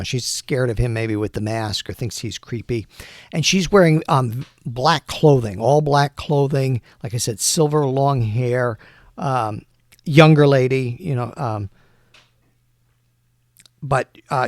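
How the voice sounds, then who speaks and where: A man narrating a solo tabletop game, thinking aloud with many pauses. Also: mid-range voice, no room sound.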